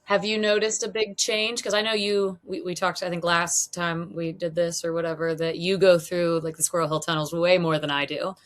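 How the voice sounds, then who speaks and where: Easygoing woman, slightly low voice, agreeable podcast co-host. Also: little pitch movement, moderate pace, hardly any pauses. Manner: easygoing, agreeable, frequent backchannel "yeah". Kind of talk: casual podcast chat.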